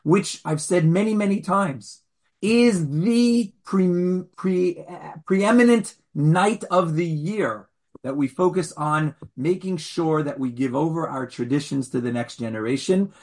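A rabbi teaches his class in a chatty, animated way, tossing playful asides to the room. His voice is husky and sits a touch high for a man. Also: unhurried. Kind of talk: conversational lecture.

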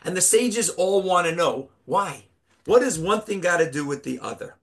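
A man giving a Torah class, telling a parable with animated storytelling and rhetorical questions. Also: high-pitched, normal speed, gravelly. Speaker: rabbi teaching Torah.

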